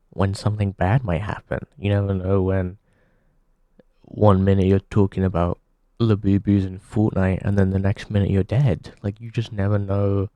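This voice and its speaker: Slow deadpan man, low dry voice. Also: no room sound. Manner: deadpan, halting, with many pauses and restarts. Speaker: comedy show host. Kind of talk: deadpan comedic monologue.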